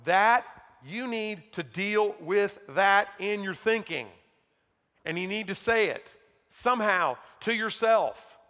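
Male pastor, high bright voice, emphatic preaching with hushed asides, big church reverb. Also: takes it slowly. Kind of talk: sermon. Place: church sanctuary. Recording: long hall reverb.

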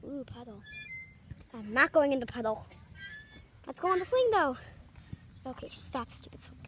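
A woman voicing an excitable, clumsy young girl at a playground, chattering through everything she does and yelping when she tumbles. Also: high voice, normal speed. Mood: squealing. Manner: chatty running self-commentary, squealing and yelping. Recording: noisy background.

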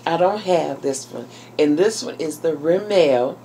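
Warm and animated but unhurried, this woman's low voice comes through poor audio with slight background noise. Unboxing on her YouTube vlog, she chats straight to the camera, calling viewers "y'all" and "girl" and exclaiming happily as every item comes out.

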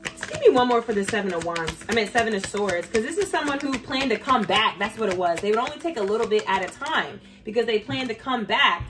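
Faint music sits behind a woman doing a casual tarot reading. She addresses her viewers bluntly and with profanity, becoming heated and emphatic. Her voice is a little high, expressive, and fairly quick.

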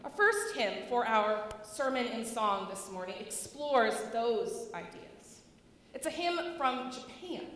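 A woman's voice: a little high, fairly bright tone. A woman pastor reading scripture and preaching a sermon in a plain, conversational way, with frequent ums. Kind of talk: church service reading and sermon. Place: church sanctuary. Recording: echoey church with long reverb.

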